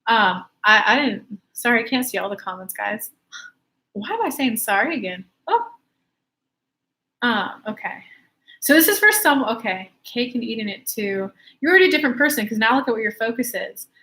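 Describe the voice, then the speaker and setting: A woman with a slightly raised voice coaches her viewers through their questions on a live stream. She is chatty and emphatic, and she talks to each person directly and warmly. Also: fairly high pitch, lively intonation, moderate pace. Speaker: law of attraction coach.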